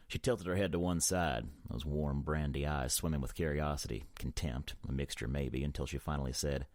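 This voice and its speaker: A male audiobook narrator with an extremely low voice who reads in a measured, brooding way. The sound is dry and close-miked, without any room echo. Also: steady tone, darkish tone. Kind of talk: first-person audiobook narration.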